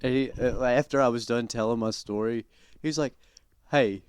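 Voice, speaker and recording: A man's voice: medium pitch, fairly even intonation, a little fast, a little mellow, clear, resonant tone, no room sound. A man co-hosting a podcast, telling a rambling story in casual, crude banter and saying "like" constantly. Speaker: podcast co-host.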